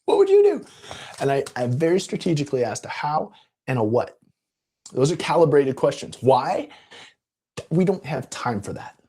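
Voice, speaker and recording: A coach talks to his live-stream viewers in a husky, breathy voice at an everyday mid pitch. He tells his story loosely and with energy, laughing and slipping into quick impressions along the way. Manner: animated, laughing, jumps into quoted voices. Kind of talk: casual storytelling on a live video. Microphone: live-stream setup.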